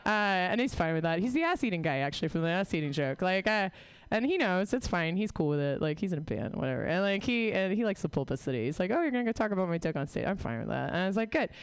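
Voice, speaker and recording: A woman's voice: on the low side, very animated, fast talker, clear, resonant tone. A woman in her thirties doing a rambling, profane, self-deprecating stand-up set on stage. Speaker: stand-up comic. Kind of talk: stand-up set, casual riffing.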